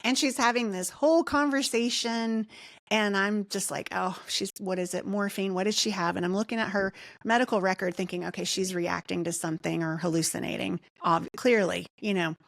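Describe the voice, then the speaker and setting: A woman's voice: mid-range voice, steady tone, a little fast, gravelly, no echo. Earnest woman telling a personal story. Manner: earnest storytelling, reenacting her own thoughts and quoting others. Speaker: podcast guest, nurse anesthetist. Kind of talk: personal testimony in an interview.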